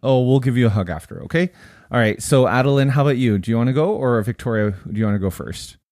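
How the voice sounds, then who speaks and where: A man co-hosting a casual family chat, easygoing and quick to laugh. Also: medium pitch, darkish tone, dry recording. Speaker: podcast co-host and father.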